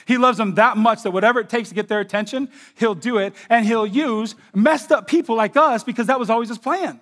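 Animated high-voiced male pastor preaching. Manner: animated, acts out imagined voices, repeats words when excited; swings between hushed and loud. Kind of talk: sermon.

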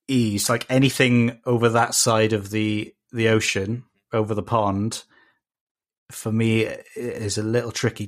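A man with a South Welsh accent, a guest on a casual podcast, talking with many fillers and restarts. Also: lowish voice. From Wales.

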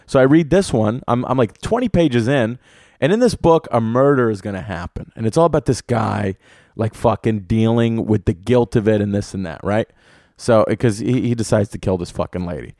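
In a room with an air conditioner, a young podcast host talks alone, spinning a rambling, funny story loaded with profanity. His voice sits on the low side at a moderate pace, and the sound is close and dry with no echo.

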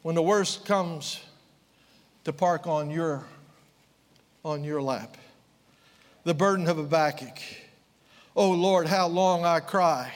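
A man preaching a sermon, fervent, swinging from quiet, low passages to impassioned raised outbursts. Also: takes it slowly, pauses often, long reverb tail.

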